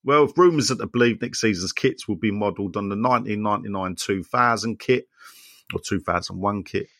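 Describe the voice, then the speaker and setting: A brisk podcast host with a lowish voice reads listener messages and trades animated jokes with his co-hosts. The recording is dry and studio quality.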